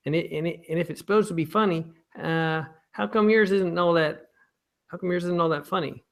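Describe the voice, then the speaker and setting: A man's voice: fairly high pitch, fairly quick, gravelly, voice pushed up. A man voicing a brash male caller with a Pittsburgh accent, stumbling through a question. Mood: needling.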